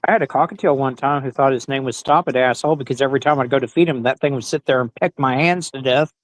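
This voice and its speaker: A man telling a quick blunt story in casual chat as a call-in guest. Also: medium pitch, dry recording.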